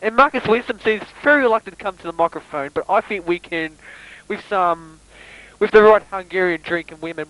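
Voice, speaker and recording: A man improvising comedic sports commentary over a video game, rambling with stammered restarts and deadpan absurd asides. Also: high voice, fairly quick, no room sound, low-quality recording.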